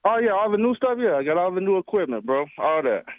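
A man's voice: high voice, sing-song, no echo. Breathless male caller on a tinny phone line. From Chicago area. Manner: casual and halting, fills pauses with "uh". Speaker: radio caller.

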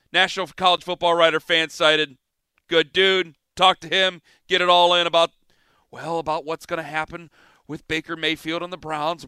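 A man hosting a sports radio show from a studio, talking in an animated, excitable way that jumps between topics. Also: sits high, clean tone, dry recording. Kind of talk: casual sports talk chat.

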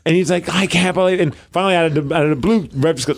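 A man's voice: a little high, quick pace, few pauses, noisy background. A man hosting a radio show, casually telling a funny anecdote from the station. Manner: chatty anecdote teller, laughs often. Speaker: radio host.

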